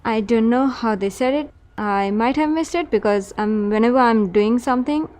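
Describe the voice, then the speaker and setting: A woman's voice: on the high side, normal speed. A woman game server admin in casual voice chat, questioning players and insisting on being heard. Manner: questioning, insistent, tries to calm things.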